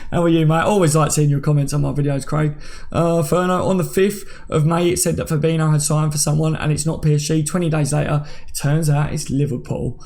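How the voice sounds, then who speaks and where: A man in his thirties with a slightly high, gravelly voice, hosting a casual live stream. He chats with viewers like mates, calling them by name as he reads their comments. His talk is loose and friendly. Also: fairly even intonation, brisk, darkish tone. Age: 30s. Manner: chatty, banters with viewers by name. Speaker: livestream host.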